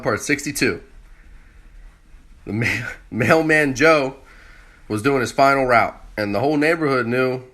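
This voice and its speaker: A man's voice: medium pitch, bright, forceful tone. Man telling dirty jokes, laughing. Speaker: joke teller. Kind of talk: casual joke telling.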